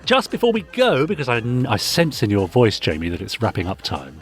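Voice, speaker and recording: A man's voice: on the low side, huge pitch swings, a little fast, faint music behind. A man hosting a podcast, playfully reading out listener messages in casual chat. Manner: playful, upbeat reading aloud. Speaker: podcast host.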